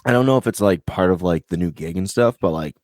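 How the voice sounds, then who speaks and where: A man's voice: sits low, animated, fast, a little mellow, no room sound, studio quality. A man co-hosting a podcast, bantering in crude, teasing jokes and calling his co-host dude and bro. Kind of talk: casual banter.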